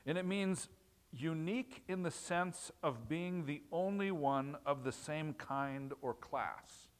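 A man's voice: a little high, expressive, takes it slowly, clear, resonant tone. Man preaching a conversational sermon. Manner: conversational, asks the congregation questions, repeats words for emphasis. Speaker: pastor. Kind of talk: sermon teaching on scripture.

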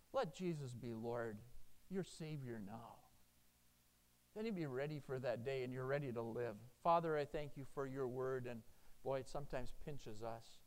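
A man's voice: mid-range voice, normal speed. A man preaching a sermon as pastor, earnest and emphatic, telling stories with animation.

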